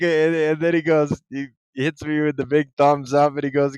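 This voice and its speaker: A male host giving casual, excited commentary, chatty and quick to laugh. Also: on the high side, clean tone, no room sound.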